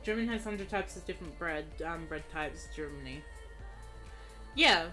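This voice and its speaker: A woman's voice: sits low, lively intonation, normal speed, pushed and bright, soft background music. A young Australian woman streaming a game, chatting casually in a giggly, rambling way. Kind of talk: casual chat while gaming.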